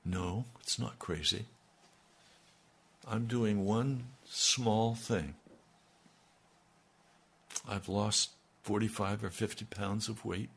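Older male radio pastor, low-pitched and gravelly, slow earnest delivery. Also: fairly even intonation, a bit bright. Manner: slow, earnest, dropping to near-murmurs. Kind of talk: radio sermon.

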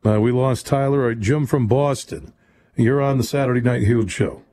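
A man hosting a late-night sports radio call-in show, talking quickly and giving strong opinions between callers. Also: mid-range voice, warm tone. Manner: fast, conversational, opinionated. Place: radio studio.

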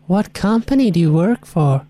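A woman's voice: fairly low pitch, expressive, normal speed, warm tone. A woman making a radio prank call in a flirty, teasing way, giving playful orders.

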